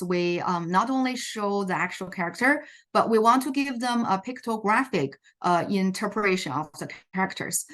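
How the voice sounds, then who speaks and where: Halting woman teacher presenting. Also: mid-range voice, fairly bright tone. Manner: halting, frequent ums and uhs. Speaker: Chinese immersion teacher.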